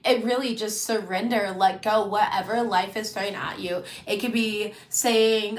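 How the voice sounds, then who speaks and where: A woman giving a casual, chatty tarot reading, animated and full of fillers. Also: mid-range voice, a little slow, few pauses, reverberant. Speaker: tarot reader.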